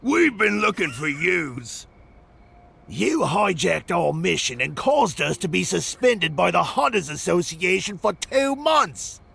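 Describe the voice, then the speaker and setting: An actor playing a vengeful male hunter thug who taunts and threatens in a rough, shouting voice. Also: high-pitched, big pitch swings, slow, heavily acted. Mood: menacing. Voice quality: gravelly, shouting. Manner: menacing, taunting.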